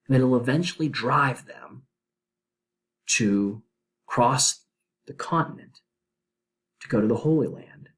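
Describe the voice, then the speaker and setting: Man lecturing and dramatically reading verse. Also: medium pitch. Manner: reads verse aloud with dramatic emphasis, then explains casually. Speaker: teacher.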